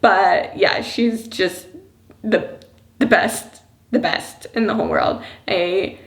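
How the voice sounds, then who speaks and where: A woman chatting through a personal vlog in an easy, rambling way, full of "like" and "you know", with soft laughs between thoughts. Her voice sits at an ordinary middle pitch. The sound carries a noticeable room echo. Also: wildly swooping pitch, slow pace. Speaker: vlogger, mother of a young child. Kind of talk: casual personal vlog talk. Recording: roomy echo.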